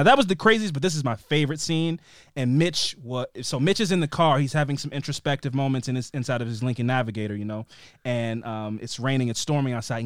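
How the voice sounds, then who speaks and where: A young adult man co-hosting a podcast, recapping a TV episode in an animated, rambling way. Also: mid-range voice, no echo, clean studio sound. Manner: animated, rambling storyteller who acts out scenes. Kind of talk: casual recap chat.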